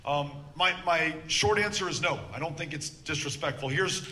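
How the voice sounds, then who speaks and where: A man answering a question at a town hall, measured and earnest with frequent filler pauses. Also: on the high side, pushed and bright. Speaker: politician.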